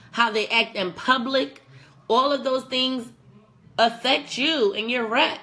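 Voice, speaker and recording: A woman's voice: a little high, slow. A young woman hosting a casual advice vlog, talking bluntly with plenty of swearing. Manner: blunt, profane, animated. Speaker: vlog host.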